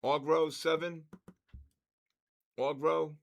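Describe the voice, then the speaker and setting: An older man hosting a trading livestream, cheerfully calling out raffle winners in a drawn-out announcer way. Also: on the high side, flat delivery, creaky. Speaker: trading stream host.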